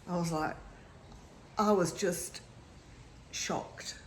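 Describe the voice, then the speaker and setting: A woman in her fifties from the north of England, a sleep consultant telling a personal story in an earnest, halting way that turns emotional. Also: on the low side, a little hiss or hum. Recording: roomy echo with faint ambience.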